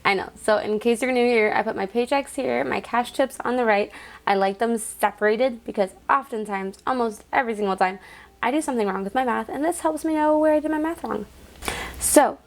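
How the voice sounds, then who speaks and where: A woman's voice: a little high, a little fast, vocal fry. Chatty young woman counting cash aloud. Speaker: vlogger. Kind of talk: casual chat to camera. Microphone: phone camera.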